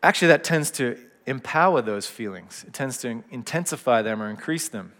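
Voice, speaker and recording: A middle-aged man preaching a gentle, reflective sermon in a conversational way. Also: mid-range voice, lively intonation, a little fast. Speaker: pastor. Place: church hall. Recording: long hall reverb.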